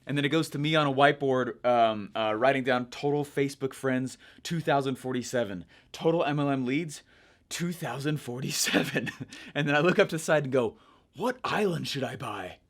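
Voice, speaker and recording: A young man coaching viewers in a chatty, energetic way, checking in with "right?" as he explains. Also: medium pitch, brisk. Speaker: online marketing coach. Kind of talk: casual teaching monologue.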